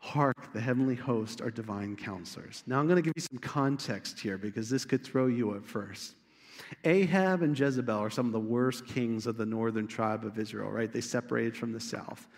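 A man preaching a sermon as pastor, telling a Bible story with animated asides and acting out the characters. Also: mid-range voice, normal speed, vocal fry, long reverb tail. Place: church sanctuary.

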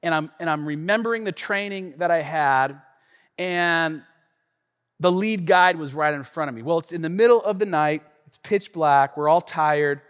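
A man preaching a sermon, telling a story in an animated, conversational way with frequent asides to the listeners. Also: on the high side, normal speed, clear, resonant tone. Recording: long reverb of a large hall.

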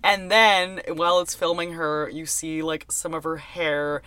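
A speaker in casual conversation, excitedly retelling favorite movie scenes and reacting to them. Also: medium pitch, a little slow, smooth. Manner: enthusiastic, gushing, quotes scenes with reactions. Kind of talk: casual chat recapping a movie.

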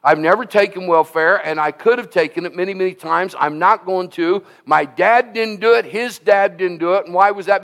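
A man's voice: high voice, creaky, a bit bright. A man in his seventies preaching a sermon, emphatic and exhorting, often repeating "listen to me" and reading scripture aloud. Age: 70s. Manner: reads scripture aloud in King James phrasing. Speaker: pastor.

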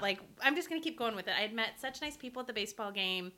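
A woman on a podcast telling a personal story in casual chat, animated and laughing through her lines. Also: mid-range voice, quick pace.

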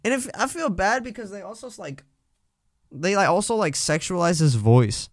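Lively young man joking crudely. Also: sits high, normal speed, dry recording, studio quality. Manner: crude, joking, slips into mock voices. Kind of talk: casual chat.

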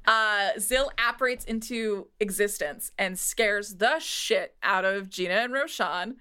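A woman's voice: medium pitch, unhurried, sharp tone, clear, resonant tone. A woman narrating as game master of a tabletop game, casual, with many fillers.

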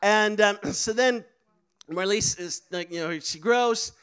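A man's voice: high-pitched, slow pace, a bit bright, clean tone. A man preaching a sermon, telling a story with laughs and acting out the voices of people he quotes. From Netherlands.

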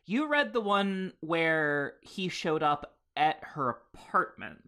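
Deadpan slow-talking woman podcast host. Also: sits low. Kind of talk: comedic story reading and banter.

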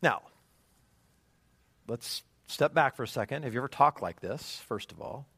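A man preaching a sermon, animated and conversational, with many rhetorical questions. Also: medium pitch, normal speed, pauses often, breathy edge, no echo. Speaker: pastor.

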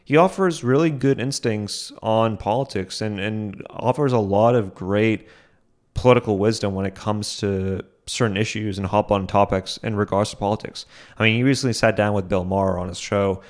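A young man talks through his solo podcast in a loose, rambling way, with lots of fillers and side remarks. His voice sits fairly low. He often pokes fun at himself and breaks into small chuckles. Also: moderate pace. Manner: rambling, full of fillers and asides; self-deprecating, chuckles often. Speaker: podcast host.

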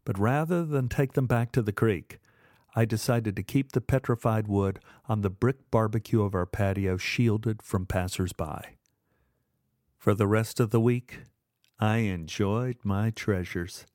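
A man telling a first-person memoir story in a measured, dramatic way. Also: lowish voice, darkish tone, dry recording, clean studio sound. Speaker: narrator.

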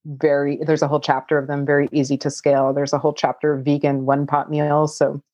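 A woman's voice: low voice, monotone, fast, a little mellow, dry recording, dull audio. A woman cookbook author answering audience questions in casual chat, laughing often and saying "like" a lot. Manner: chatty, laughs often, many "like" fillers.

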